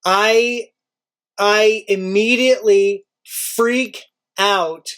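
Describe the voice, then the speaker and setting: A man who works as a teacher, telling a story casually and acting out his own panic with sudden high outbursts. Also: fairly even intonation, very slow, fairly bright tone, clear, resonant tone.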